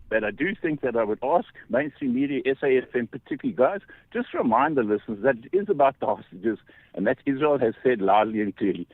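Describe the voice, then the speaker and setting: A man's voice: mid-range voice, no room sound. A man calling in to a radio show. He is out of breath from walking uphill and argues in an impassioned, rambling way. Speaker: caller. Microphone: phone. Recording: tinny phone line.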